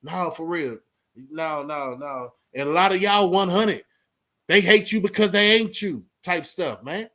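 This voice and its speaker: A man talks straight to his viewers in a loose, streetwise vlog, sermonizing about respect and real talk. His voice sits fairly high for a man, and he keeps tossing in "man" between thoughts. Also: measured pace, pushed and bright. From Austin, Texas. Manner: streetwise, preachy, repeats "man" and "you know what I'm saying". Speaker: vlogger. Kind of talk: casual talk to camera.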